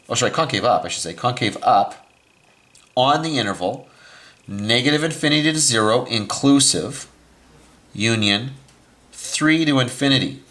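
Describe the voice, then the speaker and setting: A man's voice: mid-range voice, a bit bright. A man teaching a recorded math lesson, explaining each step as he writes and often stopping to correct himself. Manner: explains step by step while writing on a board.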